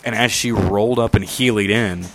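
A man's voice: fairly low pitch, brisk, crowd noise. A young man casually telling a rambling story, swearing freely and acting out the voices of the people he quotes.

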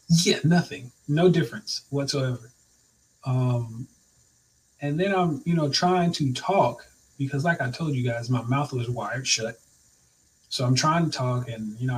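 A young man telling his own story in casual talk, acting out his thoughts and laughing often. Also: mid-range voice. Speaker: storyteller recounting his accident. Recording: voice a bit distant from the mic.

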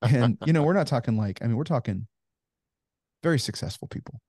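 A man's voice: mid-range voice, lively intonation, brisk, darkish tone, dry recording, clean studio sound. A man in his forties, a ministry founder, telling stories earnestly in a conversational interview with many "you know" fillers.

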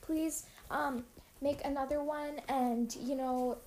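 A woman's voice: sits high, steady tone, takes it slowly, noisy background. A teenage girl co-hosting a casual home podcast, giggly and rambling. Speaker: podcast co-host. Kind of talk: casual chat.

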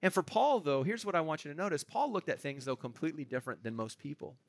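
A man's voice: on the high side, lively intonation, quick pace, vocal fry, no echo. A man preaching a sermon as pastor, in a conversational way that checks in with the congregation. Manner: conversational, asks the room "right?".

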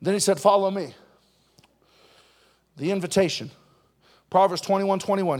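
Young male pastor, high tenor voice, fiery youth sermon that swings from quiet asides to shouts. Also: normal speed, long pauses. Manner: impassioned preaching that swings from quiet talk to shouting.

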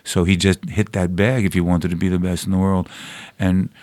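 A man with a very low voice, talking in a relaxed conversation. He speaks earnestly and reflectively about his own habits. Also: brisk. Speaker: comedian guest. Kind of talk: casual chat.

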